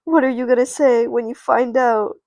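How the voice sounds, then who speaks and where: A woman's voice: fairly high pitch, animated, normal speed, vocal fry, a little mellow, no echo. Woman voicing a tearful distraught girl. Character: tearful guilt-ridden teenage girl. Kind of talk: narrated doll play.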